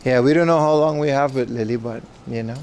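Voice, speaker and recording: A man hosts a laid-back livestream outdoors on city streets, joking around and answering viewers' questions aloud. His voice sits at an ordinary middle pitch. Faint traffic and street ambience run underneath. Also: fast, a little mellow. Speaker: livestream host. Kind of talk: casual IRL livestream chat.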